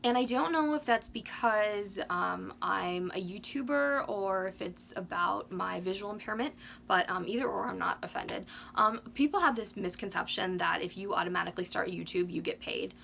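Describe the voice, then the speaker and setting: A woman in her twenties chatting casually to camera with lots of ums, a little hoarse from losing her voice. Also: medium pitch, lively intonation, moderate pace, pushed and bright, a little hiss or hum. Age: 20s. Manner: chatty, frequent ums, candid. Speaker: doll collecting YouTuber.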